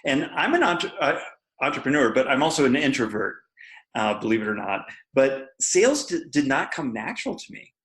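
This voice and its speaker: A man's voice: medium pitch, fairly bright tone, rough recording. A man in his forties, a guest entrepreneur, candidly telling a personal business story in a podcast interview.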